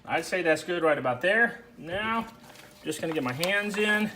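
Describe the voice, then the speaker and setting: A man with a bright, fairly high voice hosts a home cooking vlog. He talks the viewer through each step in a relaxed, chatty way, with a faint hum of ambient noise behind him. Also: normal speed. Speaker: cooking show host. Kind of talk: casual how-to cooking narration.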